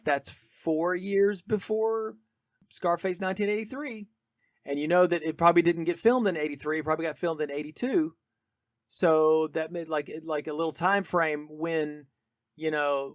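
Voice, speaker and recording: A man co-hosts a podcast, chatting casually about a film and eagerly trading trivia in an animated retelling. His voice is on the high side, recorded with studio quality and no echo.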